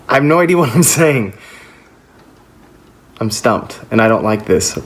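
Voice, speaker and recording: A man's voice: on the high side, expressive, unhurried, long pauses, breathy edge. Easygoing man hosting a podcast. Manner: easygoing, lots of ums and restarts. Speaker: podcast host. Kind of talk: casual podcast chat.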